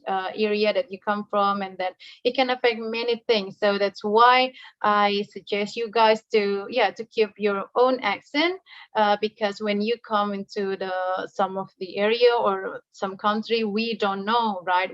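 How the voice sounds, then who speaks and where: A woman with an Indonesian accent leading a class discussion in English, pausing often with fillers and restarts. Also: mid-range voice. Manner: hesitant, many fillers and restarts. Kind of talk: casual spoken remarks to a class. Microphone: video call. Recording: lo-fi video call audio.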